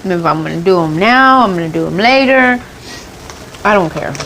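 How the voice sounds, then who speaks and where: A woman's voice: fairly low pitch, animated, moderate pace, noisy background. A woman hosting a mukbang eating show, chatting and rambling casually between bites, with a runny nose. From United States. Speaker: mukbang vlogger.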